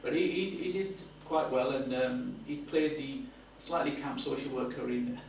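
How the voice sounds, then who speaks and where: A man's voice: steady tone, normal speed, very echoey. A man presenting awards as a director, speaking off the cuff with many ums and repeated words. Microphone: camera mic from a distance. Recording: distant, boomy, dull camera audio with room noise.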